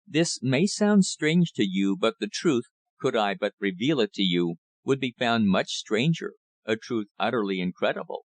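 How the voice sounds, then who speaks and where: A man voicing a calm, guarded, thin-faced country rector who speaks in a drawl. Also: medium pitch, normal speed, hardly any pauses, dry recording, lightly acted.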